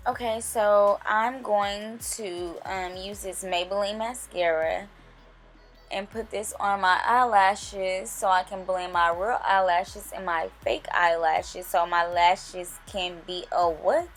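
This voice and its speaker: A young woman chats her way through a makeup tutorial, speaking straight to her viewers in a relaxed, conversational voice at an ordinary pitch. Soft music plays faintly underneath. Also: slow. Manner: chatty, talks straight to viewers. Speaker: beauty vlogger. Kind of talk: casual makeup tutorial narration.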